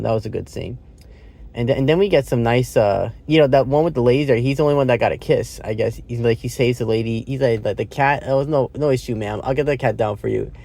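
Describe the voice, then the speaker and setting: A man's voice: medium pitch, darkish tone. A man talking through a movie in a loose, rambling way from inside a car. He uses lots of fillers, swears casually, and laughs at his own retelling. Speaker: movie reviewer. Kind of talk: casual spoken movie review.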